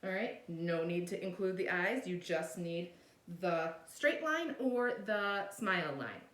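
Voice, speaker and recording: A woman's voice: lowish voice, lively intonation, slow, a bit bright, distant mic. A woman teacher giving a recorded video lesson, explaining patiently step by step and often checking in with "all right?". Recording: echoey room, voice a bit off-mic.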